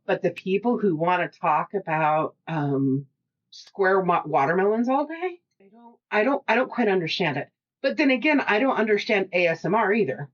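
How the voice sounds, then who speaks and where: A woman's voice: medium pitch, lively intonation, normal speed. A woman co-hosting a podcast in casual chat, rambling from topic to topic with frequent laughs and restarts. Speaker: podcast co-host. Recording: dull lo-fi podcast audio.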